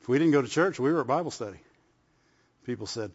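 Fast, animated and husky at medium pitch, a pastor preaches conversationally during a church service, often asking the congregation to respond. The sound is muffled, with a long reverb from the hall.

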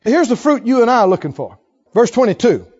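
A man preaching a sermon with emphasis, repeating key phrases and swinging between loud declarations and soft asides. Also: extremely high pitch, big pitch swings, fast talker, muffled recording.

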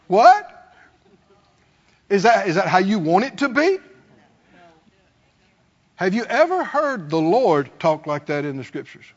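A man's voice: high voice, big pitch swings, slow pace, long pauses. A man preaching a sermon as pastor, calling out to the congregation and acting out complaining voices. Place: church sanctuary. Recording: dull sound, long hall reverb.

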